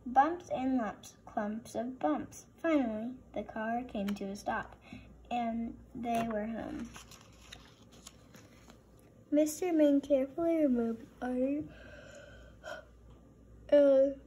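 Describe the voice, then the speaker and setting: A woman reading a children's story aloud in a gentle, expressive way. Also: fairly high pitch, slow pace, long pauses, slight background noise. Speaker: storybook reader.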